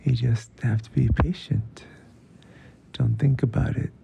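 A man voicing a patient father who gently reassures his son in a bedtime story. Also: medium pitch, fairly even intonation, a little slow, gravelly, noisy background. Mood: reassuring.

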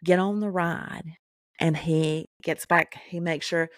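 A middle-aged woman co-hosting a podcast, telling an animated story full of profanity in casual chat. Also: low-pitched, slow, dry recording, clean studio sound. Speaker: podcast co-host.

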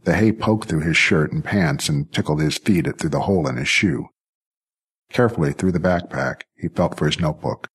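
A man reading a science-fiction story aloud as narrator, with steady, even storytelling. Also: extremely low pitch, moderate pace, breathy edge. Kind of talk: scripted audiobook narration.

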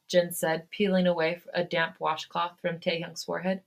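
A woman podcast host reading a fan fiction story aloud in a steady storytelling manner. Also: lowish voice, moderate pace, gravelly, hardly any pauses.

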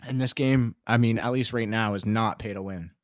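A man co-hosting a casual gaming chat, talking in a relaxed, rambling way full of fillers. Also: lowish voice, moderate pace, no echo, clean studio sound. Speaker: podcast co-host.

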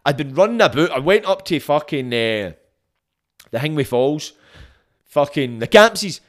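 Young Glaswegian man, podcast host, sweary animated storyteller, slightly high voice. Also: moderate pace. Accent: Glaswegian Scottish. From Scotland. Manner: sweary, animated, acts out quotes. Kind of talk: casual storytelling monologue.

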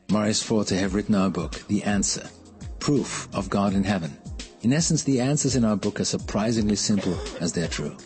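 A man reading a radio ad in a low voice, earnest and deliberate. A soft music bed plays quietly under his words. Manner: earnest, measured delivery. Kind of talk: read radio ad.

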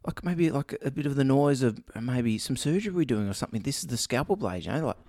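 A man's voice: medium pitch, lively intonation, fast talker, a little mellow. A man co-hosting a casual chat show, joking around, laughing often and slipping into mock whispers. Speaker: podcast co-host.

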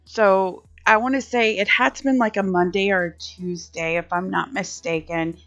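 Woman in her 40s rambling thru a story on her podcast, kinda muffled audio, soft music in the back. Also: mid-range voice, steady tone, moderate pace. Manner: rambling, conversational, many restarts. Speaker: podcast host. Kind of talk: casual storytelling monologue.

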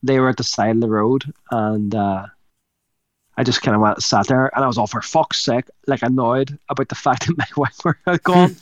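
A man's voice: mid-range voice, a little fast, no room sound, lo-fi sound. A man co-hosting a podcast, telling a rambling story with lots of swearing and laughing mid-sentence. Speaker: podcast co-host. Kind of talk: casual storytelling chat.

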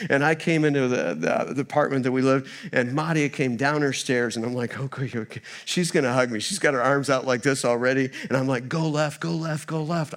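A man preaching a sermon in a church as a guest speaker, a former missionary who tells funny stories in an animated way. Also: mid-range voice. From United States. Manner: storytelling, humorous and animated.

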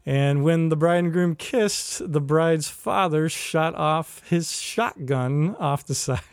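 A man co-hosting a podcast, telling a wild story in a casual, animated way, laughing and swearing as he goes. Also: on the high side, slow, no room sound. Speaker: podcast co-host. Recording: loud background ambience.

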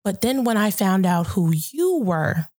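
An earnest woman hosts a podcast, speaking reflectively about faith with frequent warm laughter. Her pitch sits in an ordinary middle range. The sound is close and dry, with no room behind her voice. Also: very animated, a little slow, no room sound. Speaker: podcast host. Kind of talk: casual conversation about faith.

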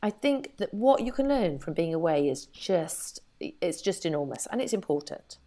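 A woman's voice: fairly low pitch, very animated, moderate pace, warm tone. A middle-aged woman, a podcast co-host chatting animatedly and laughing often. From Wales. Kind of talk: casual chat.

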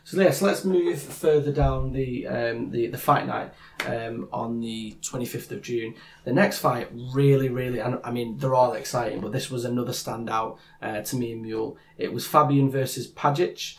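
A man's voice: mid-range voice, steady tone, normal speed. A man co-hosting a podcast, chatting casually about fights and rambling with many restarts and fillers. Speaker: podcast co-host. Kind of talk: casual MMA chat.

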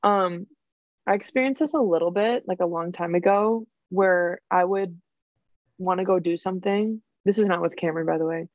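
A young woman co-hosting a podcast in casual chat, talking with many fillers and pausing to search for words. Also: lowish voice, no room sound, dull audio. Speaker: podcast co-host.

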